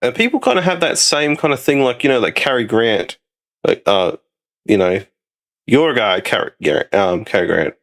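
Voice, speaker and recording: Australian male host, casual rambling talk with lively, bouncing pitch. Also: moderate pace. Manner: rambling, loose, swears casually. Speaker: streamer host. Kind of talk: casual chat.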